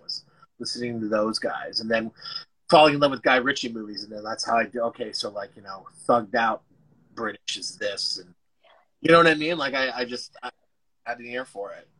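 Man rambling bright on a call. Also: mid-range voice, slightly rough, poor audio. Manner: rambling, self-interrupting, casual swearing. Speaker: actor guest. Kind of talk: casual interview chat.

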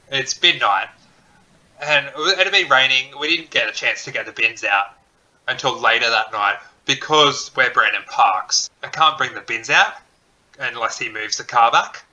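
Aussie guy cohosting a podcast, really bright tense voice, swears a lot, pokes fun at himself. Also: medium pitch, muffled recording. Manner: animated, swears freely, self-deprecating storyteller. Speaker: podcast co-host. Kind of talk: casual chat.

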